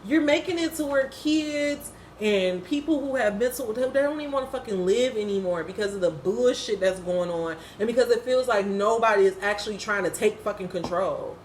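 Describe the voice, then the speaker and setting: A woman talks through a TV episode in an unscripted, casual way. Her voice sits at a middle pitch, and she is blunt, profane and impassioned. A faint noise floor runs beneath her. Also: normal speed, hardly any pauses, roomy sound. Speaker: TV episode reviewer.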